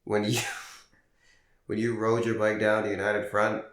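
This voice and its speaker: A man's voice: lowish voice, a little slow. A young man co-hosting a podcast in casual chat, telling stories animatedly and swearing freely. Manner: animated storyteller acting out dialogue, swears freely. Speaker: podcast co-host. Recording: echoey room.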